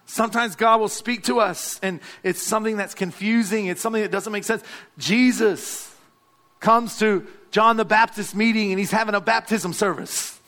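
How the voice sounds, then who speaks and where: A man's voice: high voice, steady tone, moderate pace, pushed and bright. A male pastor, preaching a sermon and calling out to the congregation. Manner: exhorting, calls out to the congregation.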